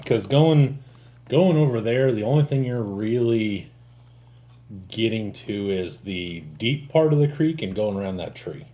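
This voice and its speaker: Mellow, lively-voiced man hosting a chat. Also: medium pitch, slow pace. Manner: laid-back, swears and laughs easily. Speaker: host. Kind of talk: casual livestream chat.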